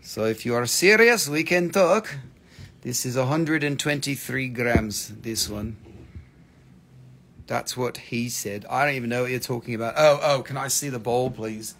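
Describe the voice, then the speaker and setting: A man's voice: mid-range voice, unhurried, a bit bright. A man chatting casually and joking with viewers while selling mineral specimens on a livestream, swearing freely. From US East Coast. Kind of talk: casual live-sale chat.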